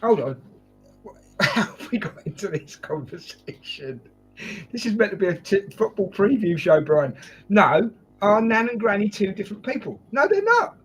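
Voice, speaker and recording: A man's voice: high-pitched, animated, normal speed, slightly rough, soft background music. A man hosting a casual football preview chat, joking and calling his guests mate. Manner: jokey, chatty, addresses guests as mate. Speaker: host.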